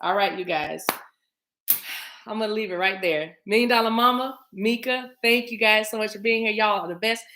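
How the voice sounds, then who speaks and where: A woman's voice: mid-range voice, moderate pace, bright, forceful tone. A woman giving a casual livestream tarot reading, chatty and affectionate, often laughing as she talks to her viewers.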